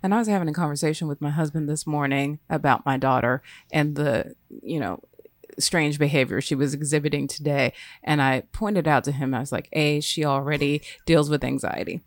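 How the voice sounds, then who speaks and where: A woman's voice: low-pitched, steady tone, brisk, no echo, clean studio sound. A woman hosting a casual talk, affirming her guest and sharing her own experiences. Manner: warm affirming listener, frequent mm-hmms. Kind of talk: casual conversation.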